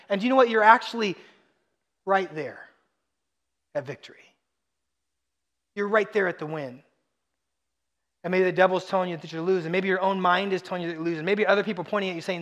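A man with a high voice delivers a sermon. He is animated and swings from quiet, low asides up to near-shouted emphasis. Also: brisk, pauses often. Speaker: pastor.

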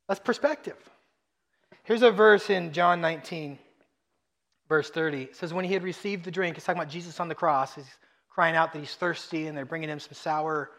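High-voiced male preacher, animated. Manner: animated, rising to near-shouts for emphasis. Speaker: pastor. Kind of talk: sermon.

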